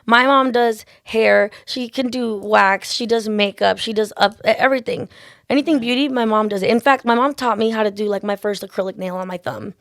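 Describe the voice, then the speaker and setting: A woman's voice: a little high, a bit bright, no room sound, clean studio sound. A woman nail artist telling stories in a casual chat, full of "like" and "literally". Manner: fast, chatty storyteller, lots of "like" and "literally".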